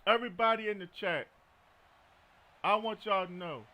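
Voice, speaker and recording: A man's voice: high-pitched, normal speed, sharp tone. A man streaming a video game, chatting casually, joking and telling stories. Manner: joking, storytelling, frequent laughter. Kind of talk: casual gaming commentary.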